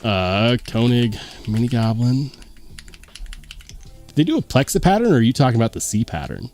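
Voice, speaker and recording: A man's voice: mid-range voice, moderate pace, pauses often, faint music behind. A man hosting a casual livestream, reading viewer comments aloud and chatting as he goes. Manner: lively, chatty, muses aloud. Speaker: host.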